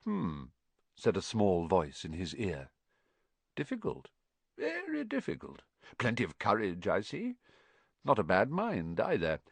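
A man's voice: lowish voice, huge pitch swings, a little slow, vocal fry, long pauses, slightly rough, dry recording, exaggerated voice. A man voicing a sly murmuring magic hat. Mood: musing. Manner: murmuring, probing, close in the ear. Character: old magical talking sorting hat, musing and sly.

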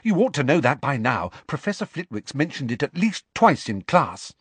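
A man's voice: mid-range voice, very animated, normal speed, husky, dry recording, pitched above the performer's own voice. A man voicing Hermione, a clever, impatient teenage girl who is breathless and irritable. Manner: breathless, irritable know-it-all.

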